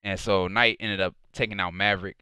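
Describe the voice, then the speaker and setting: A man with a lowish, bright and smooth voice rambles through a casual recap, stringing his thoughts together with filler words. He now and then acts out what others said with mock heat. The sound is close and dry. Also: fairly even intonation, fairly quick, no echo. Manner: quotes others in a mock-heated voice. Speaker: wrestling show reviewer.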